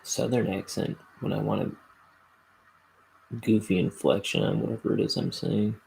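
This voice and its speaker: A man's voice: on the low side, steady tone, normal speed, gravelly, a little mellow, slight background noise, low-quality recording. An American man chatting casually to his stream while inking, rambling and laid-back. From United States. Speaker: artist streaming while inking a graphic novel.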